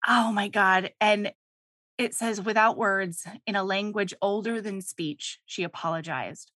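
Expressive woman podcast guest, dry sound. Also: medium pitch, measured pace, no room sound. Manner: expressive, emotional, swears casually. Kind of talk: casual book recap chat.

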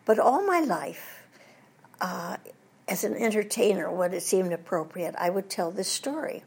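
Here the guest, an older woman who does voice acting, recounts stories during an interview and mimics British voices to get laughs. She sounds husky and a little mellow, with medium pitch, expressive delivery and a measured pace.

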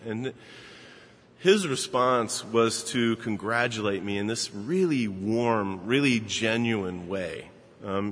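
A man in his fifties, a pastor giving a sermon and telling a personal story in a relaxed, conversational way with frequent fillers. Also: on the low side. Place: church sanctuary. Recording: long reverb of a large hall.

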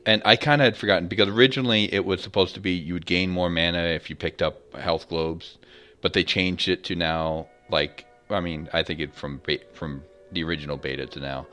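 A man's voice: low voice, steady tone, a little fast, pushed and bright, faint music behind. A man co-hosting a casual gaming podcast, easygoing and explaining game details at length. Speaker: podcast co-host.

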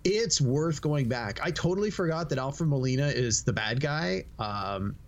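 A middle-aged man with a mid-range voice and normal speed hosts a casual podcast chat. An animated storyteller, he acts out quotes and laughs while he talks.

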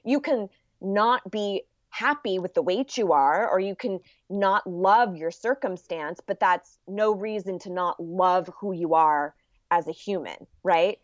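A woman's voice: medium pitch, unhurried, dry recording. A woman guest in a casual interview, explaining things earnestly and sometimes acting out an inner voice. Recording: dull lo-fi sound.

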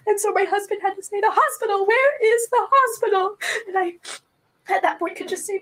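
A woman, a mother, recounting events in a recorded police interview, distraught and soft-voiced, her voice often breaking into tears. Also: extremely high pitch, brisk, rough recording. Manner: soft-voiced, quiet when upset. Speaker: mother being questioned by police.

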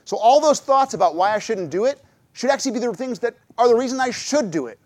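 A man's voice: extremely high pitch, quick pace, dry recording. A middle-aged man giving a church talk, telling personal stories and acting out what he and others said. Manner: lively storytelling, acts out his own quotes. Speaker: church speaker.

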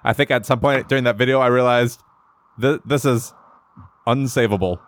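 A man's voice: medium pitch, normal speed, no echo. A man hosting a podcast, chatting casually with friends and rambling through his thoughts, often correcting himself mid-sentence. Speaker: podcast host. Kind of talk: casual chat.

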